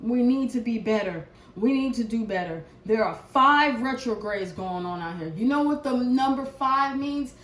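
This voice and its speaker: High-voiced woman in a ranting tarot read, echoey. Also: expressive, normal speed, few pauses. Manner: profane, preachy, swings from shouting to hushed prayer. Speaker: tarot reader. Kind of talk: impassioned collective reading rant.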